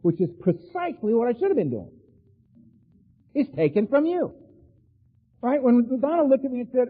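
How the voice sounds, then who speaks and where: Animated man sharing at an AA meeting. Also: high-pitched, fairly quick, long pauses. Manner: animated, laughing storyteller, tosses in "right?" and "man". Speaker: AA speaker. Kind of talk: recovery meeting share, storytelling. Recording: phone-like sound in a long-reverb hall.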